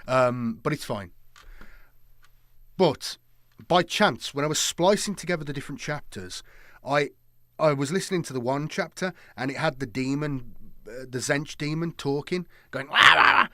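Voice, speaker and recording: Rambling man streaming, higher voice. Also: fairly bright tone, no echo, clean studio sound. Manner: rambling, repeats himself, lots of fillers. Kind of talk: casual live-stream chat.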